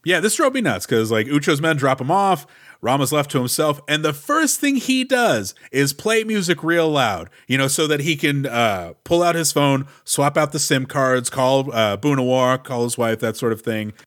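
A man's voice: mid-range voice, expressive, moderate pace, fairly bright tone. A man co-hosting a podcast, chatting casually about a movie with wry asides and easy laughter. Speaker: podcast co-host. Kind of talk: casual movie-recap chat.

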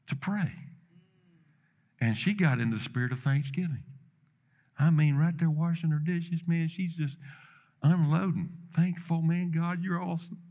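A man preaching a sermon, telling a story dramatically with quoted dialogue, building to loud emphatic peaks and dropping low again.

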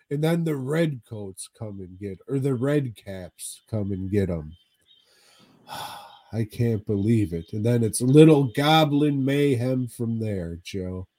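Male podcast co-host, slow drawl, foul-mouthed rambling movie recaps. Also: lowish voice, warm tone, dry recording. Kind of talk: casual movie recap chat.

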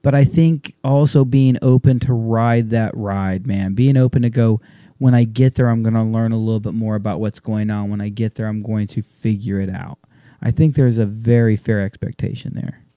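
Guy hosting a chat, super dark mellow voice, says dude a lot, dry room. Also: fairly low pitch, fairly even intonation, normal speed, hardly any pauses, no room sound. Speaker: host. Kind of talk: casual interview chat.

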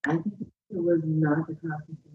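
A woman who is a guest actress on a radio show, talking in a relaxed, casual way and laughing easily. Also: deep voice, a little fast, reverberant, phone-quality sound.

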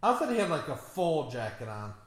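A man chatting casually about a movie while watching it, quick to laugh. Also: a little high, very animated. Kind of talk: casual movie reaction chat. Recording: echoey room.

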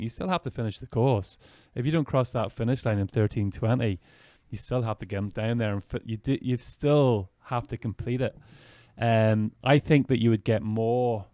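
A man's voice: mid-range voice, a little mellow, no room sound, studio quality. A man hosting a podcast, reflecting in casual chat with hesitant, repeated words. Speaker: podcast host.

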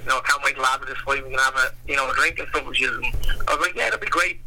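Rambling Irish man, bright voice. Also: medium pitch, very fast, slight background noise, low-quality recording. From Ireland. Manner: rambling, animated storyteller with many fillers. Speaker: former boxer, guest. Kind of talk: casual storytelling interview.

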